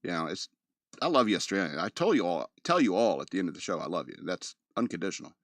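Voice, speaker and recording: A man's voice: deep voice, very animated, fast, dry recording. A man hosting a casual news commentary podcast, reading articles aloud and breaking off into loose, joking asides full of filler words. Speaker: podcast host.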